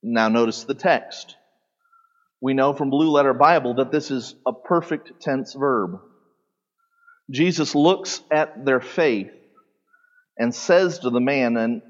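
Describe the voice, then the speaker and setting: A pastor preaching a sermon, teaching animatedly with sudden loud peaks and soft drops, in a large church sanctuary. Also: male voice, medium pitch, slow. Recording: long hall reverb, dull lo-fi sound.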